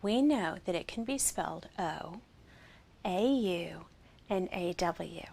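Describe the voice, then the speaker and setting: Woman teacher, slow and patient, a touch of vocal fry, sounds out letters clearly. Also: fairly low pitch, animated, darkish tone. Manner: slow, clear, encouraging, sounds out each vowel. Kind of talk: interactive phonics lesson.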